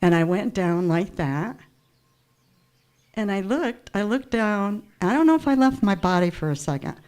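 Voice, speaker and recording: A woman's voice: mid-range voice, expressive, normal speed, darkish tone, smooth. A woman telling a personal story to a church gathering, acting out the dialogue and laughing often. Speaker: congregation member sharing a story.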